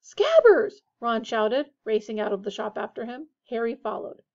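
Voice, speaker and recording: A woman reading a children's fantasy novel aloud in a steady, expressive way. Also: a little high, moderate pace, creaky. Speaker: audiobook reader. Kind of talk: storybook narration. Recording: dull lo-fi recording.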